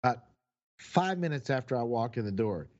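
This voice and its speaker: A man's voice: medium pitch, very animated, brisk, a little mellow. A middle-aged man chatting casually and telling frank stories with a wry edge. His voice sits in an ordinary middle range. The recording sounds slightly dull, like a budget podcast mic. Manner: storytelling, candid and wry. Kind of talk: casual chat.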